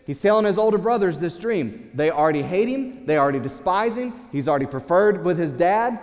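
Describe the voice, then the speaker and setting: A pastor preaching a sermon, retelling a story in an animated way with chuckles and stumbles over repeated words. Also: male voice, high-pitched, brisk. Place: church. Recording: long hall reverb.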